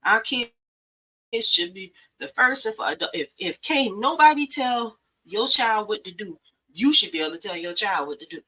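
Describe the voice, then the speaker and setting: A woman's voice: mid-range voice, expressive, normal speed, bright, forceful tone, breathy edge, rough recording. A middle-aged woman, hosting a talk show and giving blunt, profane, emphatic advice. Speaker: podcast host. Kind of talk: preachy motivational talk.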